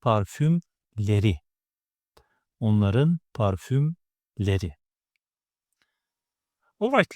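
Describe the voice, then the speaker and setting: A man teaching a grammar lesson, explaining patiently step by step and repeating words slowly. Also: fairly high pitch, fairly bright tone, no echo, clean studio sound. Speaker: language teacher.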